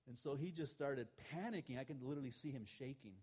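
A man's voice: fairly high pitch, fast talker, hardly any pauses, a little mellow, breathy edge. A middle-aged man, a pastor, preaching a sermon in a conversational storytelling way, retelling a conversation with quoted lines.

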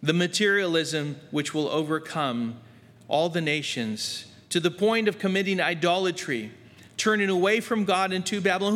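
A man's voice: high-pitched, moderate pace, a bit bright, in a large hall. A man preaching a verse-by-verse Bible study, earnest and emphatic, with frequent fillers.

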